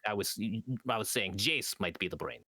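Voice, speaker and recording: Hammy, bright-voiced man doing a vampire shtick. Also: low-pitched, lively intonation, normal speed, dry recording, clean studio sound. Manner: hammy mock-vampire voice, stammering restarts. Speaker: podcast co-host. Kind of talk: comedic podcast banter.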